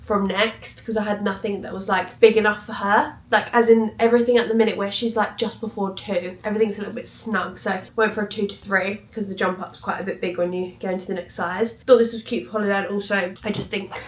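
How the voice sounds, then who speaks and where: A young woman talks breezily to the camera, a chatty mum who laughs at herself as she goes. Her voice sits at an ordinary middle pitch. The room rings with echo, and a faint hiss sits behind her. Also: steady tone, quick pace, few pauses. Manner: chatty, self-deprecating, laughs often. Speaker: vlogger and mother. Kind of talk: casual chatty vlog. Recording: echoey room, faint background noise.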